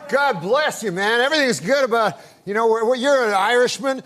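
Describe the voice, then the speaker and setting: A middle-aged man, a talk show guest, telling a long, meandering joke deadpan. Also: very high voice, a little fast, few pauses. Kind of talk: rambling joke storytelling.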